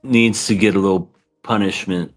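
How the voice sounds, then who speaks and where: A man's voice: deep voice, fairly even intonation, normal speed, soft background music. A man co-hosting a podcast in casual chat, laughing often and acting out scenes. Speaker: podcast co-host.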